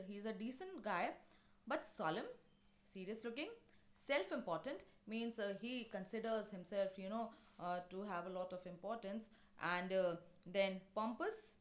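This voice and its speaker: A woman's voice: on the high side, a bit bright. Woman teacher in an echoey room. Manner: explains slowly with many fillers and restatements. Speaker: English teacher. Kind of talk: explaining a play to a class.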